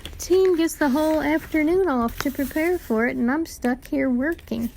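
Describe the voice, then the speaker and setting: A woman's voice: sits high, moderate pace, creaky, a little mellow, a little hiss or hum, voice pushed up, rough recording. A woman reading a cocky injured schoolboy athlete in a story read aloud. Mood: eager.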